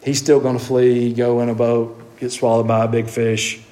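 A man preaching a sermon, moving between hushed asides and emphatic, high-pitched exclamations. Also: level tone, moderate pace.

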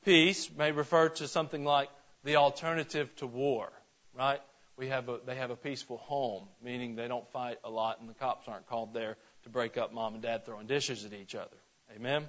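A man's voice: on the high side, a bit bright, lo-fi sound. A man from Georgia preaching a conversational sermon to his church, folksy and full of questions to the congregation. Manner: folksy, asks the congregation questions, frequent restarts. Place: church sanctuary.

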